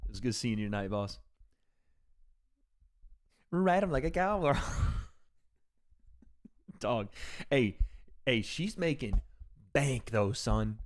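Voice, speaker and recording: Male streamer, slightly low voice, loose banter and quick fight reactions. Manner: joking, rambling, quick reactions. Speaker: livestream host reading chat. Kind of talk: casual live commentary on fights.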